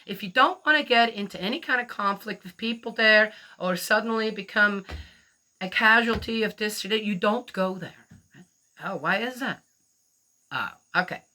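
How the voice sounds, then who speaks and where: A woman's voice: mid-range voice, expressive, normal speed, bright, forceful tone. Chatty woman telling a story. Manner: rambling, chatty, many fillers and acted-out quotes. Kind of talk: casual spoken storytelling.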